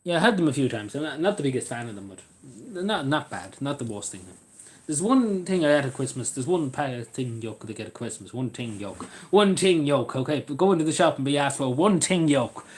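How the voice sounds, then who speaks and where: In a brisk, sing-song voice of medium pitch, a man rambles casually through a live vlog chat. He drifts between subjects, swears freely, and chuckles at his own jokes.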